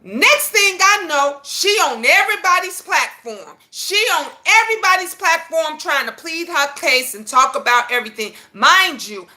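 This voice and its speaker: A woman hosting her own channel, telling a story in an animated, profane way that rushes ahead at times. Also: very high voice. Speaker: channel host. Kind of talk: casual storytelling vlog.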